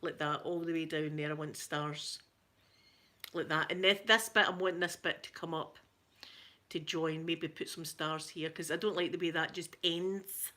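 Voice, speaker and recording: Middle-aged Scottish woman, chatty host, bright voice, rambling and self-mocking. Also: low-pitched, steady tone, moderate pace. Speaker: ASMR channel host. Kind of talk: casual chat to viewers.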